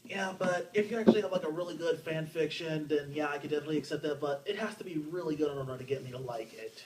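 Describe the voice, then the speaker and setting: A man's voice: on the high side, fast. A young man co-hosting a casual podcast, rambling with lots of filler words and swearing freely. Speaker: podcast co-host. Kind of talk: casual chat. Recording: distant mic, loud background noise.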